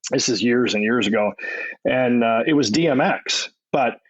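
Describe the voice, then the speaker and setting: A middle-aged man speaks as a guest in a casual interview, drifting through stories and stumbling over his words. His voice sounds close and dry, with a slightly dull, muffled top end. His pitch sits in a middling range. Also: normal speed, no echo. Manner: rambling anecdotes with many restarts and repeated words. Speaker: podcast guest.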